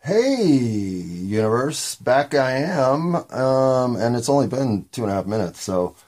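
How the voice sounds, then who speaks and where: A man with a gravelly voice hosting a podcast, talking in a candid, meandering solo monologue with occasional swearing. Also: medium pitch, very animated, slow pace, darkish tone. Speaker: podcast host.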